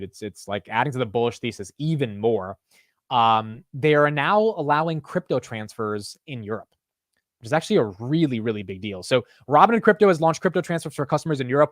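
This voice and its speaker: A man's voice: mid-range voice, very animated, fast, no room sound, clean studio sound. A young man with an American accent hosting a casual market livestream, chatty and slangy. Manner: casual, slangy, says dude and bro. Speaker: market show host.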